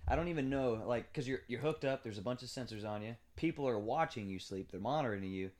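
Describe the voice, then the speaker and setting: A man co-hosting a podcast in casual chat, making quick, animated comments. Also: medium pitch. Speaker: podcast co-host.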